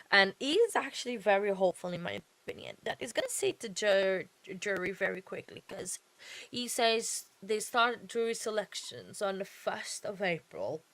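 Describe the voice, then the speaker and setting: A woman's voice: lowish voice, fairly bright tone, no echo. A woman hosting a late-night true-crime trial-watch livestream, tired and yawning, chatting casually in a rambling way with many fillers and self-corrections. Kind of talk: casual live commentary.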